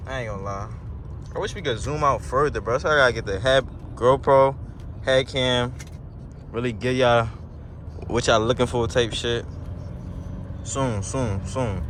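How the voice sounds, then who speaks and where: A man's voice: mid-range voice, a little slow, pauses often. A young man giving casual, slang-heavy commentary to viewers while driving, recorded on a camera mounted in the car. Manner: slangy, talks straight to viewers, gets loud and excited when accelerating. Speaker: car vlogger. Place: inside a moving car. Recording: faint road noise in car.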